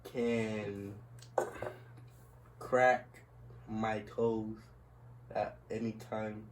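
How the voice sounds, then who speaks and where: A young man co-hosting a casual podcast, giving brief, low-key replies. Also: little pitch movement, very slow, a little hiss or hum. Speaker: podcast co-host. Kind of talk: casual chat.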